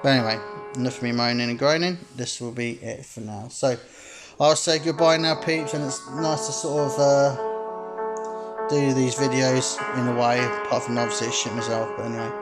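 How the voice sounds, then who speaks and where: Swearing man over loud game music. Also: mid-range voice, level tone, moderate pace. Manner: rambling, swears freely, many fillers. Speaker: gaming YouTuber. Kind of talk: casual let's-play commentary.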